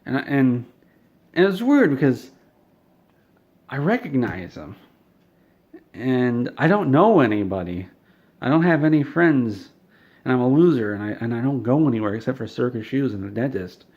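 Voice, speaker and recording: Casting: deadpan comic storyteller, male, mid-pitched, rambling and self-deprecating, lo-fi sound. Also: moderate pace, long pauses. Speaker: comedic storyteller. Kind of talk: deadpan absurd monologue.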